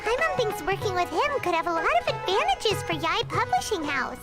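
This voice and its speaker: A woman voicing a tiny, chirpy, excitable companion creature in a video game. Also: extremely high pitch, brisk. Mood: cheerful. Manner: bubbly, chatty, excitable. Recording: game audio with loud music.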